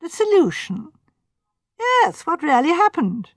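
A woman doing a brisk, emphatic hostess. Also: sits high, very animated, no echo, clean studio sound, voice pushed up.

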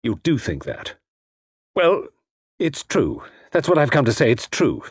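A man's voice: medium pitch, wildly swooping pitch, measured pace, breathy edge, dry recording, clean studio sound, voice pushed up, heavily acted. A man playing an intense young man, once a gigolo, who pleads earnestly and with passion. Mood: impassioned.

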